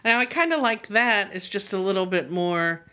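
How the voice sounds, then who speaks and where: A woman in casual chat, telling a story in an animated way and swearing freely. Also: medium pitch, moderate pace, clean tone.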